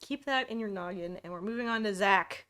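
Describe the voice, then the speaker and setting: A woman co-hosting a podcast in casual book club chat, animated and exclamatory, often laughing. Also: medium pitch, fairly quick, clean tone. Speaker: podcast co-host.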